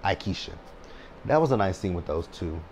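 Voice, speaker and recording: A man in his thirties delivers an animated, moderately paced reality-show recap in a low, darkish voice, blunt and sassy, leaning on "child" and "right?" constantly. There's a little hiss or hum under the recording.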